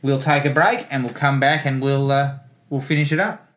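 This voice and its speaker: A man's voice: medium pitch, little pitch movement, moderate pace, a bit bright, soft background music. A man hosting a casual film podcast in a chatty way, laughing often. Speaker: podcast host.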